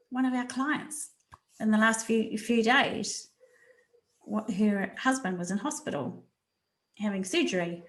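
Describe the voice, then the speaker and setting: A woman's voice: mid-range voice, measured pace, roomy sound. A woman presenting a resilience webinar over a video call, talking animatedly and repeating words for emphasis. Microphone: video call mic.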